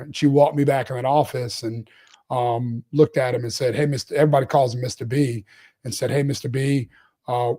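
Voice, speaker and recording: A man in his forties, a company CEO telling his start-up story in a casual interview, rambling and animated, laughing often. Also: medium pitch, moderate pace. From Louisiana, US. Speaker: CEO guest.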